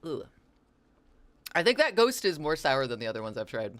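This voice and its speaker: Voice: medium pitch, very animated, moderate pace, fairly bright tone, slight background noise. A chatty streamer talks loosely over a game, drifting from one story to the next. Chat messages get read out and answered along the way. Silly wordplay slips in between the tangents. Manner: rambling and chatty, reads chat aloud and answers it; playful wordplay and silly asides. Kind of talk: casual live-stream chat while gaming.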